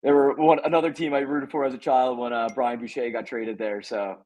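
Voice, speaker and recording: A man chatting as a guest on a sports podcast, telling stories in a laid-back, halting way. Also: medium pitch, level tone, darkish tone, low-quality recording. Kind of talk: casual chat.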